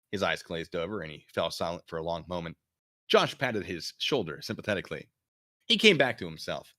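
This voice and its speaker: A man streaming as he reads a mystery story aloud, with lively, chatty, self-mocking asides. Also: low voice, a little fast. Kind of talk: livestream read-aloud, casual asides.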